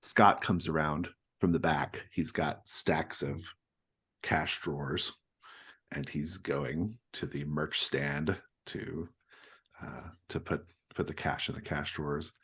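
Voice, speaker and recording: A man's voice: very deep voice, takes it slowly, husky. A man narrating as game master of a tabletop horror game, loose and laughing. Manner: lively, loose, laughing, puts on character voices.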